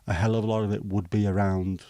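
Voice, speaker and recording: Liverpool-accented man, livestream host, casual rambling chat, mellow tone, dry close sound. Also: fairly low pitch, level tone, fast, no room sound. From Liverpool, England. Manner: rambling, hesitant with many ums, mildly sweary banter. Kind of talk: casual chat answering viewer comments.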